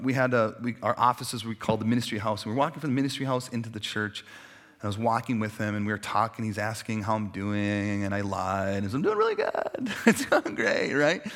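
A man's voice: on the low side, fairly bright tone. A man pastor preaching a sermon in a conversational way, stacking repeated phrases for emphasis and dropping in casual asides.

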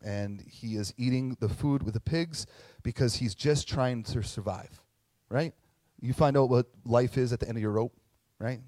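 Casual male preacher, animated storyteller, mid-range voice, dry recording. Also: mid-range voice, moderate pace, no echo. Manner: casual and animated, frequent tag questions. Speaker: pastor. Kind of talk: conversational sermon.

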